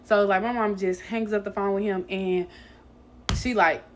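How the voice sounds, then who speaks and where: A woman's voice: medium pitch, steady tone, moderate pace. A young adult woman, a hairstylist, telling a long storytime to her viewers in a loose, chatty way, swearing and calling them y'all. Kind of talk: casual storytime vlog.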